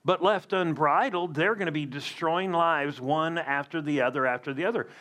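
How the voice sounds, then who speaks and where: A man's voice: on the high side, moderate pace, a bit bright. A man preaching a sermon as a pastor, emphatic with conversational asides.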